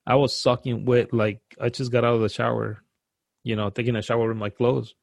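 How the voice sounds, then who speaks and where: A man tells a frightening personal experience in a halting, earnest way, often repeating words and starting over. His voice is gravelly with a mid-range pitch. The recording is close and dry. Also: little pitch movement, no echo. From outside the US, now lives in the US. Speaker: guest telling a personal story.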